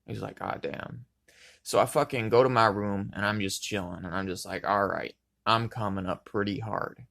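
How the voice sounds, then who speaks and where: A man's voice: lowish voice, steady tone, normal speed, vocal fry, fairly bright tone. A young man telling a laid-back, profanity-filled personal story in a casual, rambling way. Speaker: vlogger.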